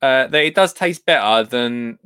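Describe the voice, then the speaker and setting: A man's voice: mid-range voice, expressive, normal speed, pushed and bright, clean tone, no room sound, studio quality. A man presenting a radio show, bantering easily and laughing with his co-host. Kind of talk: casual radio chat.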